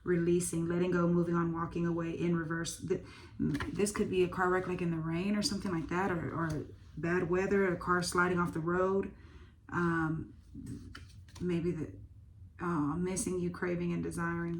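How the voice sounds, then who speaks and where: Over some background noise, a woman with a lowish voice does a casual tarot reading. She thinks out loud, uses lots of fillers, and swears now and then.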